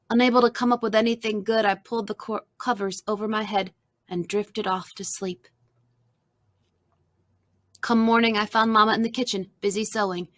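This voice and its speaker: Woman, storybook narrator, soft and expressive, mid pitch, dry close mic. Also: dry recording. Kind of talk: storybook read-aloud.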